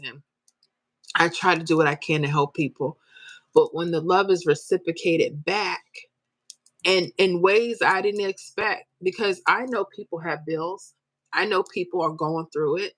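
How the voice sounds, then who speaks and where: A woman's voice: fairly low pitch, a bit bright, no room sound. Emotional woman live-streaming. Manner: emotional, tearful at times, talks straight to viewers. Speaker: lottery numbers YouTube host. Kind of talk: live-stream chat reading comments.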